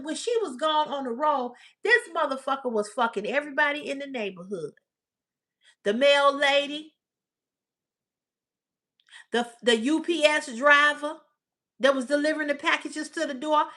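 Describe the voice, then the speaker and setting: A woman's voice: high voice, expressive, moderate pace, pushed and bright. A woman hosting a livestream, talking back to her chat in casual, blunt, profane commentary. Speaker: livestream host.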